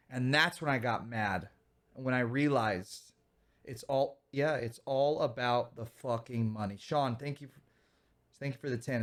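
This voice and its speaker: A man in his thirties ranting heatedly and profanely on a livestream, stopping to thank viewers. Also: medium pitch. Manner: thanks viewers for donations mid-rant. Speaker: streamer reacting to videos. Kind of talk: casual livestream rant.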